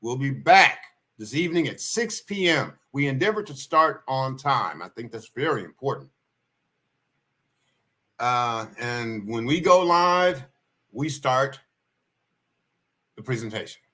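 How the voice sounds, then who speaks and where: A man hosting a livestream with a bright, sharp-edged voice. He talks in a folksy, meandering way at an ordinary pitch and circles back to repeat his main points. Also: animated, a little slow, long pauses. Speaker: livestream host. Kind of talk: casual spoken storytelling.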